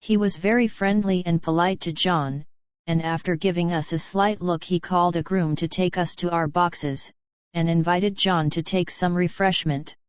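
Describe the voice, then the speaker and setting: An audiobook narrator, a woman with a smooth, clear, fairly low voice, reads a classic novel calmly and evenly at normal speed. The recording is dry and close, with a slightly dull, muffled tone.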